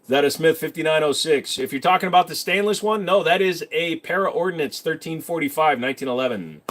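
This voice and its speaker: A man's voice: a little high, fairly quick, a bit bright. Joking man hosting a livestream chat. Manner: loose, jokey and self-mocking, reads chat questions aloud then answers; knowledgeable about handguns, explains in detail. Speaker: livestream host answering chat questions.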